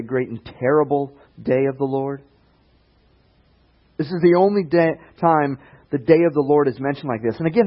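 A man preaching a casual sermon, retelling stories in a conversational way with sarcastic asides and quick character voices. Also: mid-range voice, husky, muffled recording. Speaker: pastor.

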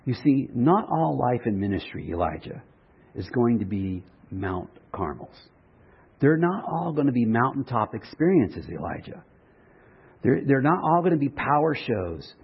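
A man preaching a sermon in a relaxed, conversational way, with restarts and light humor. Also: medium pitch, measured pace, gravelly, slightly rough, dull audio. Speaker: pastor.

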